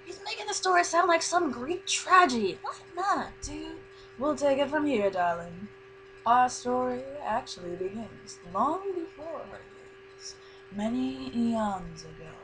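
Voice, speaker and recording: A woman's voice: sits high, expressive, unhurried, fairly bright tone, slight background noise, rough recording. A woman voicing a sassy female chorus narrator, brassy and sing-song.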